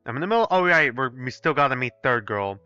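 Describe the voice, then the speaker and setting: Young male streamer, bright and lively, swears a lot, reads and reacts; dry, slightly dull mic. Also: mid-range voice, fast talker, clear, resonant tone, no echo, faint music behind. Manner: animated, profane, talks to chat. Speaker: gaming streamer. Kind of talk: live let's play, reading aloud and commenting.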